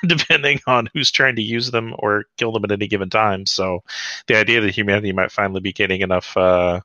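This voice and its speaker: A man's voice: deep voice, bright, forceful tone, no room sound. A man co-hosting a podcast, speaking hesitantly and thoughtfully with many fillers. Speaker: podcast co-host. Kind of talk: casual chat.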